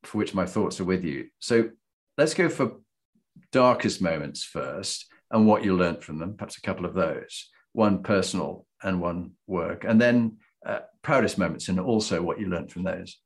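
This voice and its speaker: An older man from Yorkshire asks the questions in a low voice. He rambles into anecdotes and tells them in a relaxed, chatty way. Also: moderate pace. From Yorkshire, England. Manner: rambling, anecdotal, with a gentle chuckle. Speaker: interviewer. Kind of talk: conversational interview.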